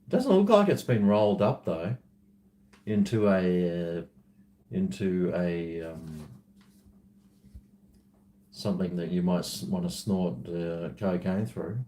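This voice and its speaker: An Australian man talks to his camera in an easy, unhurried drawl, taking his time over every thought. He rambles from one aside to the next and pokes fun at himself along the way. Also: deep voice, mellow. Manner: rambling, self-mocking, drifts between asides. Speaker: vlogger. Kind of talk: casual chat to camera.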